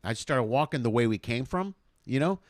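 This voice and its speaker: A man's voice: medium pitch, expressive, fairly quick, no echo, clean studio sound. A man hosting a casual comedy chat, easygoing and agreeable, telling his own stories and laughing along with his guest. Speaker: host.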